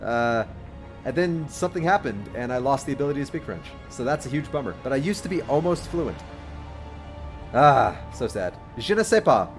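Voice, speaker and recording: A man doing livestream commentary over a video game, joking, giggling often and shouting out during fights. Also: medium pitch, expressive, moderate pace, soft background music. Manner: giggly, jokey, loud exclamations in fights. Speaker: game streamer.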